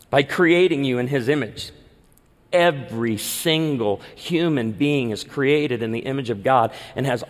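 A middle-aged pastor delivers an earnest sermon in a slightly high voice. He presses his points in rhythmic lists. The long reverb of a big church sanctuary trails each phrase. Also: a bit bright. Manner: earnest, emphatic, listing in rhythmic series.

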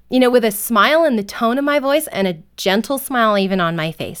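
A woman's voice: fairly high pitch, quick pace, few pauses. Earnest woman parenting guest. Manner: earnest, animated, acts out gentle parent lines. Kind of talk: conversational radio interview.

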